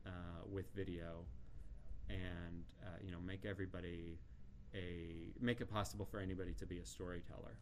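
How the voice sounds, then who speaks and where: A man guest on a radio interview with a lowish voice, answering in a friendly, brief way. Faint noise sits behind him. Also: level tone, moderate pace. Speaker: guest, app founder. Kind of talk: casual interview chat.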